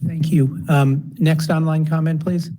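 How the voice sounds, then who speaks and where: A man chairs a meeting with short procedural remarks. His voice is mellow and warm, with faint noise in the background. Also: on the high side, level tone, a little slow, poor audio. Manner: brief, procedural. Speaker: board president chairing meeting.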